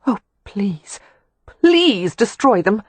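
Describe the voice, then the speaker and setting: Picture a shy, mortified young lady, her voice pitched high and breathless as she speaks timidly, brought to life by a woman narrator. The tone is airy and husky, recorded close and dry. It reads like a storybook romance heroine. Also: very animated, drawn-out words, dry recording, full character voice. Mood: timid embarrassed. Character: timid flustered young woman, a prim companion.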